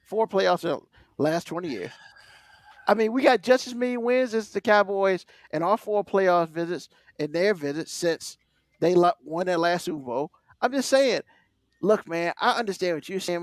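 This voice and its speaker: A man's voice: high-pitched, no echo, clean studio sound. A man co-hosting a casual sports podcast, ranting animatedly and swearing freely. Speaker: podcast co-host.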